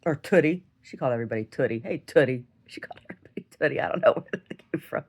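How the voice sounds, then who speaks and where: Gravelly-voiced woman rambling through a video diary. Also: rumbling low, expressive, rapid-fire, darkish tone. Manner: rambling storyteller with frequent restarts; laughs often while talking. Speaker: video diarist.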